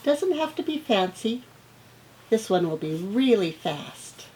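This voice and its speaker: A middle-aged woman teacher reads picture books aloud to young children at an unhurried pace, playing up every sound word with lively expression. Her voice sits at an ordinary pitch, and a faint hiss runs beneath the recording. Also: low-quality recording. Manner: animated, acts out sound words; slow, gentle pace.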